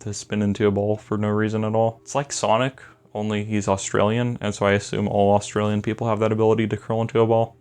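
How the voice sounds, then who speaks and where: A man's voice: on the low side, completely flat delivery, quick pace, few pauses, a little mellow, clean tone. A young man rambling enthusiastically through a casual album review, full of filler words. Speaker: music reviewer.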